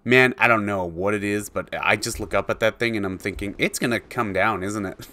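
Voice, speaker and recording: A man's voice: lowish voice, wildly swooping pitch, moderate pace, sharp tone. A man giving casual commentary while playing a video game, chatting to the creatures on screen and chuckling often. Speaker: let's play gamer.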